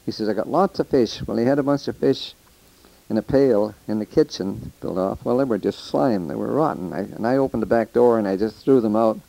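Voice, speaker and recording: A man's voice: on the low side, brisk, gravelly, warm tone, no echo, rough recording. An older man telling rambling, folksy stories of the old days into a taped letter, with restarts and quoted voices. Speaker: storyteller recording a taped letter. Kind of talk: casual spoken reminiscence.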